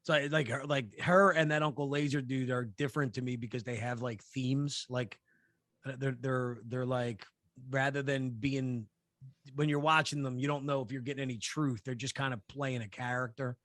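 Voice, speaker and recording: A man's voice: medium pitch, fairly even intonation, moderate pace, fairly bright tone, dry recording, studio quality. A man co-hosting a podcast, telling a story in casual chat, rambling with lots of fillers, restarts and swearing. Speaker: podcast co-host.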